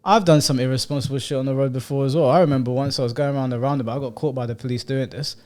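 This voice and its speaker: A man's voice: mid-range voice, rapid-fire. Blunt, swearing young man. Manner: blunt, swearing, animated storytelling. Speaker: podcast co-host. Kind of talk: casual chat.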